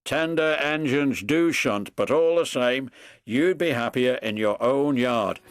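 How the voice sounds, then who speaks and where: A man's voice: mid-range voice, unhurried, natural voice. A man playing a stern, portly male railway boss who speaks in a firm, proper, clipped way. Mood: kind.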